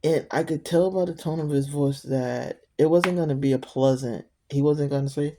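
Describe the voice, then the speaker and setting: A woman's voice: low voice, fairly even intonation, moderate pace, dark tone. A middle-aged woman telling a personal story in a rambling, conversational way, with frequent asides to the listener. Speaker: storyteller vlogger.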